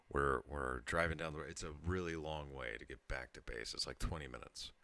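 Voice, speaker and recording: A tipsy man in his thirties rambles through a casual storytelling monologue for his channel, laughing and breaking off mid-sentence. His voice rumbles low at a moderate pace, pushed and bright, with no echo.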